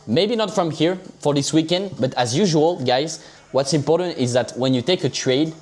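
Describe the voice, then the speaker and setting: A man's voice: fairly high pitch, normal speed, darkish tone, soft background music. A man casually commenting on trading charts to his live viewers, chatty and loose, swearing offhand and calling them guys and bro. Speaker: livestream crypto trader.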